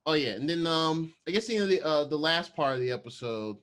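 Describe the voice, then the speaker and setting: A man co-hosting a podcast, chatting casually and rambling through scenes while acting out bits in quick voices. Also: on the high side, expressive, a bit bright. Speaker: podcast co-host.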